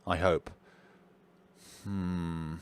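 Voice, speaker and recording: A man's voice: low-pitched, little pitch movement, extremely slow, background noise. A man commenting on a horror game and reading its lines aloud in shifting voices. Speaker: gameplay commentator. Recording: game music behind the voice.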